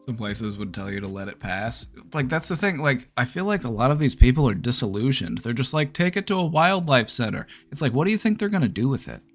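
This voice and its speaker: A man's voice: mid-range voice, very animated, fast, few pauses, faint music behind. A man hosting a livestream, talking casually and bluntly to his chat, swearing freely. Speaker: livestream host.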